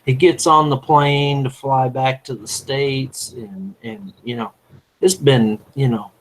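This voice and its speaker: Guy spinning a long joke story, rambly, lots of "you know", middle-pitch voice. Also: slight background noise, rough recording. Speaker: panel guest. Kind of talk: casual storytelling.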